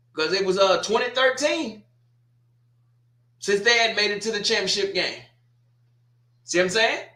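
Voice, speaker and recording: A man's voice: sits high, bright, forceful tone, roomy sound. A man hosting a casual sports talk stream, teasing and trash-talking a team and repeating his points. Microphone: streaming setup.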